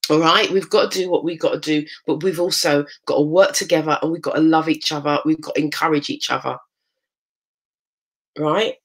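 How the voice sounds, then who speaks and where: Woman motivational live-stream host, lower pitch, earnest and insistent, repeats key lines. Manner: earnest, repetitive, emphatic encouragement. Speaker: host of a morning inspiration show.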